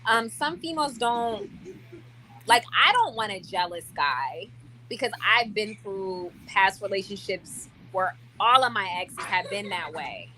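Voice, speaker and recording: Brief: bright, forceful young woman, chatty vlogger, lots of fillers, faint ambience behind. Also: mid-range voice, measured pace, a little hiss or hum. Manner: chatty and animated, many likes and restarts. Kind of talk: casual chat to camera.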